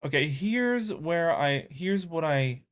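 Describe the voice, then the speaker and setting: A man's voice: fairly high pitch, animated, slow. A young American man thinking aloud as he writes code, chatting casually with viewers. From United States. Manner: muttering, thinking aloud while coding. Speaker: coding vlogger. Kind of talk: casual live coding chat.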